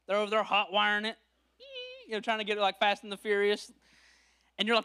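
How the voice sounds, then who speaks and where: A man preaching a sermon as pastor, telling the story in an animated way and acting out the voices of the people in it. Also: sits high, fast, long pauses, clean tone.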